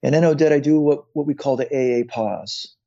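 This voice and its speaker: A man's voice: medium pitch, a little fast, creaky, warm tone, highs cut off. A man in his fifties, a podcast guest, earnestly telling his own story and often repeating words as he goes. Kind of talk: personal storytelling in conversation.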